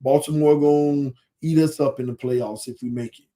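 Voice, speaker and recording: A man's voice: on the high side, steady tone, moderate pace, dark tone. A man hosting a casual sports podcast, breaking down plays in an emphatic, colloquial way and repeating points for effect.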